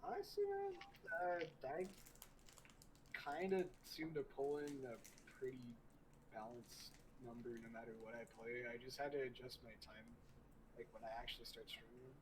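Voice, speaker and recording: A man's voice: medium pitch, very animated, moderate pace. Distant noisy-mic man, laid-back streamer. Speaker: streamer guest. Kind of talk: casual chat. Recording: distant mic with background noise.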